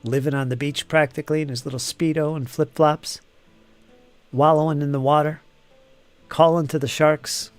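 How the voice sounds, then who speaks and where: A man's voice: a little high, steady tone, moderate pace, faint music behind. A man hosting a live painting stream, chatting casually and teasing viewers as he reads their comments aloud. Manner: joking, teasing chatter with frequent laughs.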